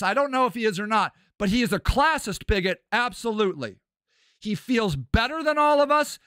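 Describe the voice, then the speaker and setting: A man hosting a podcast, delivering an impassioned, profane political rant that swings between shouting and low muttering. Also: no echo, clean studio sound. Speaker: podcast host.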